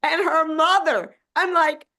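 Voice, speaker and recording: A woman's voice: extremely high pitch, fairly even intonation, measured pace, bright, forceful tone. A woman speaking as a guest in a casual interview, reflective and earnest.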